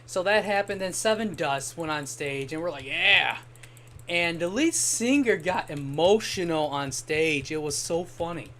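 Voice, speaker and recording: A man's voice: on the high side, expressive, a little slow, fairly bright tone, slight background noise. A young man chatting casually while streaming a game, telling long rambling stories and swearing now and then. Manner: rambling anecdotal storytelling, occasional swearing. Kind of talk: casual gaming stream chat.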